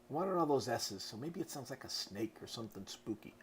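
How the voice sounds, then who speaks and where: A man's voice: medium pitch, lively intonation, a little fast, darkish tone, a little hiss or hum. A middle-aged man, an author, giving a casual, chatty lesson on writing to camera, tossing in playful sound effects. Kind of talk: casual instructional talk to camera.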